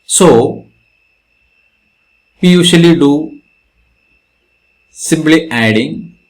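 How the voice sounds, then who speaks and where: A man with an Indian English accent teaching a grammar lesson, slowly repeating examples and stressing syllables. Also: fairly high pitch. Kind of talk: grammar lesson explaining spelling rules.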